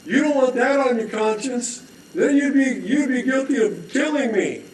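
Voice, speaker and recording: A man's voice: extremely high pitch, normal speed, slight background noise, pitched above the performer's own voice. A man voicing a frustrated, impatient man stuck holding a rope on a bridge, pleading and then laying down an ultimatum. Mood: firm. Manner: exasperated, pleading, firm. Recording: echoey room.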